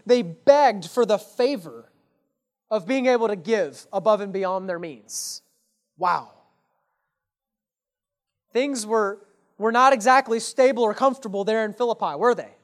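A man's voice: very high-pitched, normal speed. Man, pastor, sermon, earnest, emphatic, rhetorical questions, direct address to congregation. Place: church.

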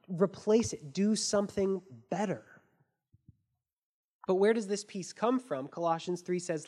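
A woman's voice: mid-range voice, measured pace, dark tone. A woman pastor giving a sermon in an earnest, conversational way, with casual fillers.

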